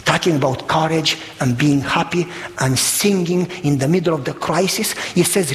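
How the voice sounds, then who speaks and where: A man preaching a sermon in an animated storytelling manner, exclaiming and acting out voices. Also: fairly high pitch, normal speed, hardly any pauses. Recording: long reverb of a hall.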